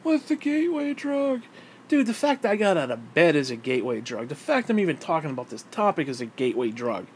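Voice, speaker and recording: A man's voice: mid-range voice, big pitch swings, quick pace, few pauses, slight background noise. A man giving a heated, exasperated political rant to camera, swearing freely. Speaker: vlogger.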